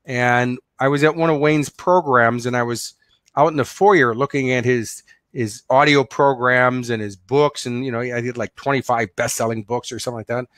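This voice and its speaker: A man's voice: mid-range voice, fairly even intonation, normal speed, a bit bright, no echo, clean studio sound. A middle-aged man giving a casual motivational webinar as a business coach, talking earnestly and telling stories with plenty of fillers. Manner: conversational, earnest, storytelling with fillers.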